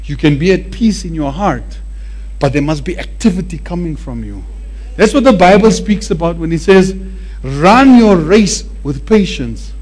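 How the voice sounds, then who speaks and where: Animated high-voiced male preacher. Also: moderate pace. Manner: animated, emphatic, repeats words for effect. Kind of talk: sermon.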